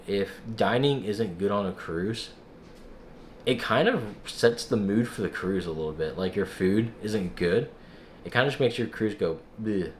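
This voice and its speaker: A young man casually vlogging, recounting a frustrating experience in an exasperated, animated way and acting out other people's lines. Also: lowish voice, slight background noise. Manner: exasperated, animated storytelling with quoted dialogue. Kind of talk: casual vlog recap.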